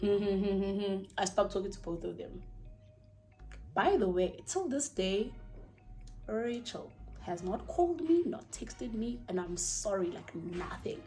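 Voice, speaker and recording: A young South African woman telling a personal story at home in a chatty, animated way, swearing freely and losing her thread now and then. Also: medium pitch, takes it slowly. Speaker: vlogger. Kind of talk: casual storytime.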